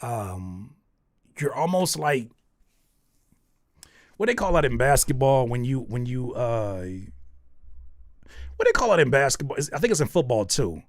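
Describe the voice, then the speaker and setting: A man's voice: medium pitch, sing-song, a little slow, pauses often, no echo, studio quality. A man giving spoken feedback on songs as host, coaching analytically and thinking aloud as he searches for words. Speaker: music reviewer.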